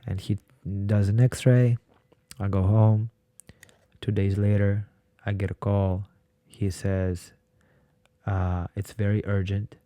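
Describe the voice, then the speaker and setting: A man's voice: lowish voice, little pitch movement, takes it slowly, warm tone, no room sound. A man from Ukraine, a podcast guest, telling his story in a blunt, casual way and swearing freely. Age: 20s.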